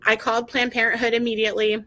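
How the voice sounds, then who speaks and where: Woman telling her story in an interview, bit high voice, lots of um and you know, keeps restarting. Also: flat delivery, sharp tone, low-quality recording. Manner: halting, with many fillers and restarts. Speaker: guest sharing her story. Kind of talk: emotional personal testimony. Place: lives in Maryland.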